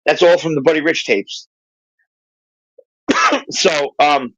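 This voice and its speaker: A man hosting a casual livestream chat, telling profane, animated stories in a bright, slightly raised voice. The sound is dry and close. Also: on the high side, takes it slowly, dry recording, rough recording. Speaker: host.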